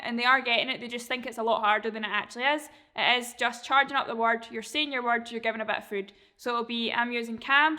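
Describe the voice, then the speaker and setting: Bright-voiced woman dog trainer. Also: a little high, fast talker, few pauses. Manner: relaxed, chatty, acts out dog reactions. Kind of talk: casual instruction.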